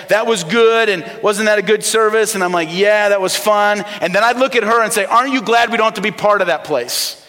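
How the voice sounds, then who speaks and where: A man's voice: high voice, sharp tone. A middle-aged male pastor preaching a sermon to his congregation, emphatic and asking them questions to answer. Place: church auditorium. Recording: long reverb of a church hall.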